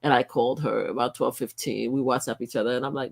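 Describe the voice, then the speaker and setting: A middle-aged woman, hosting a casual livestream and talking emphatically, dropping to low mutters and rising into loud outbursts. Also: fairly even intonation, fast, gravelly, husky. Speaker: livestream host.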